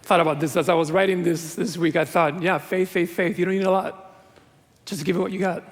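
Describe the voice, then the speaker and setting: A man's voice: high-pitched, steady tone, fairly quick. A middle-aged male pastor preaching a sermon in a church, earnest and conversational with self-deprecating humor. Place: large church sanctuary. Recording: long reverb of a church hall.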